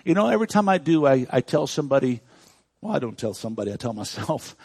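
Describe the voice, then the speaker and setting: Preaching pastor, hushed to shouting. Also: male voice, medium pitch, lively intonation, quick pace, slightly rough, dry recording. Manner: swings from hushed intimacy to loud shouting preaching. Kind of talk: sermon. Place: church.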